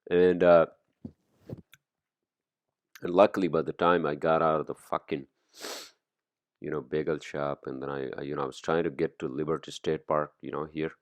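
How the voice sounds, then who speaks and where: A man's voice: very deep voice, flat delivery, normal speed, pauses often, no echo. A man hosting a podcast, talking in a rambling, profane, casual monologue full of fillers. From immigrant to the US. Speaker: podcast host.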